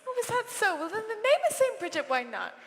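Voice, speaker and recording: A young woman plays an eager, gossipy Irish mother with a bright, high voice that leaps about. She talks quickly to win over a stranger. The sound travels across a large, echoing hall. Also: big pitch swings, heavily acted. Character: warm chatty Irish mother, middle-aged woman. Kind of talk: school stage musical acting. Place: school stage in a large hall. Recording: echoey hall, voice from far off.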